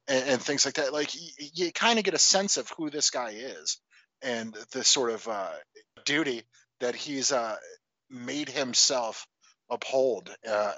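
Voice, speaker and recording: A man's voice: mid-range voice, pushed and bright, no echo, muffled recording. A man talking about a film in a casual chat, swearing freely and laughing often.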